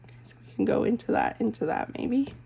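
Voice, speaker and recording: A young woman in her twenties talks to her viewers in a loose, confessional way while she colors. Her voice sits a little high and is full of vocal fry. She rambles and keeps cutting herself off with "like" and "um.". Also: wildly swooping pitch, fast, dark tone, slight background noise. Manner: rambling, heavy use of "like" and "um", self-interrupting. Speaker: coloring channel host, stay-at-home mom.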